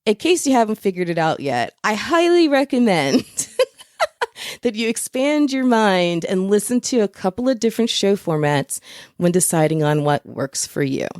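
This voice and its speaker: Lively, chatty woman podcast host. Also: medium pitch, normal speed, no room sound, studio quality. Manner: chatty, laughs at her own asides. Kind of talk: solo podcast teaching episode.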